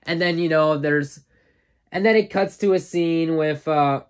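Rambling, enthusiastic man with a higher voice. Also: measured pace, clean tone. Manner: rambling plot recap, full of "uh" and "you know"; enthusiastic fan, chuckles often. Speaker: movie reviewer. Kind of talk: casual spoken movie review.

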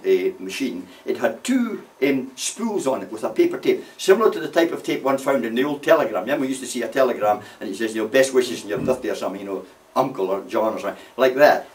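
A man's voice: mid-range voice, lively intonation, fast talker. An older man, a war veteran telling rambling anecdotes with many "you see" asides. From Scotland. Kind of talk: anecdotal storytelling. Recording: voice from far off the mic.

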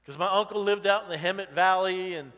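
High, bright-voiced pastor in an echoing church. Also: male voice, fairly quick. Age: 50s. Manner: personal storytelling, many "you know" asides. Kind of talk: conversational sermon. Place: church sanctuary. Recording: long church hall reverb.

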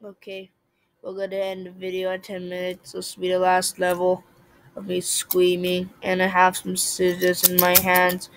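A young woman giving casual commentary while playing a puzzle game, excitable, swinging from muttering to shouting at the game. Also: lowish voice, moderate pace, a little hiss or hum, rough recording. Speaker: gaming video creator.

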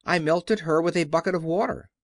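A man's voice: a little high, a little fast, no room sound, clean studio sound, voice pushed up, close to an everyday voice. A man doing an earnest little farm girl.

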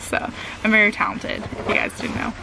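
A woman's voice: fairly quick, background noise. A young woman chatting casually for her vlog from a car, rambling with fillers and little laughs. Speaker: vlogger.

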